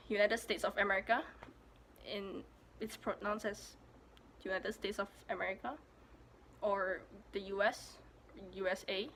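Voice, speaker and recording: A woman's voice: mid-range voice, a bit bright, a little hiss or hum. Playful young woman practising pronunciations. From Malaysia. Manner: playful, self-mocking, repeats words to practise them. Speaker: vlogger. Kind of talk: casual pronunciation vlog.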